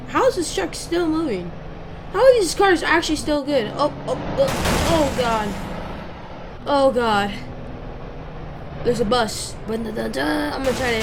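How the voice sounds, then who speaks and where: Rambling, excitable young woman gamer. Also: on the high side, a little slow, long pauses, background noise. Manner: rambling, excitable, yelps and shrieks at crashes. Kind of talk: casual gameplay commentary.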